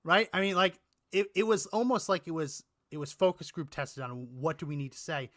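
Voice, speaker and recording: A man's voice: a little high, expressive, a little fast, a bit bright, dry recording, studio quality. A man hosting a casual political chat show, meandering and restarting his sentences with the odd chuckle. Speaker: podcast co-host.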